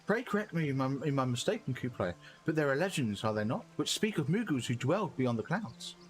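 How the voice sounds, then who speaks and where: A man's voice: mid-range voice, big pitch swings, a little fast, faint music behind, lightly acted. A man voicing an earnest young male scholar, speaking in formal, archaic phrasing.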